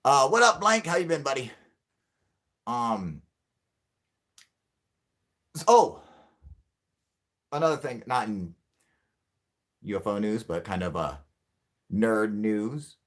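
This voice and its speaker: A man hosting a UFO livestream in casual chat with viewers, rambling and swearing, joking and laughing often, and turning loud and mock-heated when riled. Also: fairly low pitch, animated, takes it slowly, pauses often.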